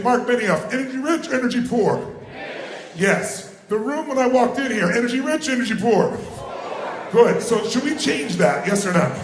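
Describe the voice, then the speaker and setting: Motivational speaker, a man with a high voice, prompts the crowd nonstop, roomy hall with faint background hum. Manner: energetic, calls out questions and prompts the crowd to answer. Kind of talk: live seminar talk to an audience. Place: large room with a live audience.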